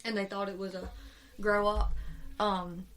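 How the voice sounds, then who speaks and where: Woman, true-crime podcast co-host, animated and profane, casual storytelling. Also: medium pitch. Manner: animated, swears freely, quick rambling retelling.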